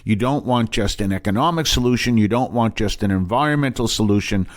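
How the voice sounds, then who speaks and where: Emphatic, rambling priest with a low voice. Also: male voice, fairly quick. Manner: rambling, emphatic, with restarts and asides. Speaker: priest and show host. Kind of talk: conversational teaching on a broadcast.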